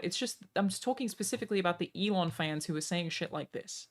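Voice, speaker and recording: A woman's voice: lowish voice, expressive, fast, hardly any pauses. A woman streamer in casual chat, blunt and exasperated, swearing freely.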